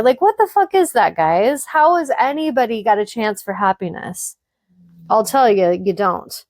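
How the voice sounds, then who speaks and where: A woman's voice: medium pitch, a little mellow, no echo, clean studio sound. A woman hosting a spiritual podcast, speaking frankly to her listeners in an emphatic, blunt monologue that swears freely.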